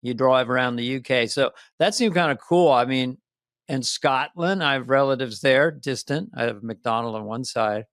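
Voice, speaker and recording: A man in his sixties co-hosting a podcast in casual chat, animated and fond of breaking into accents. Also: mid-range voice, normal speed, no echo, studio quality. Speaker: podcast co-host.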